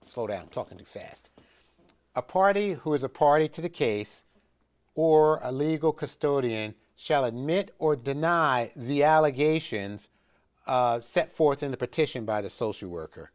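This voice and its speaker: A middle-aged man explains procedures in a loose, spoken lesson style. He stresses key points with force and circles back on his own sentences. His voice sits at an ordinary male pitch. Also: animated, normal speed. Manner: conversational and emphatic, with frequent restarts and fillers. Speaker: instructor of an educational video series. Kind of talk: informal instructional talk.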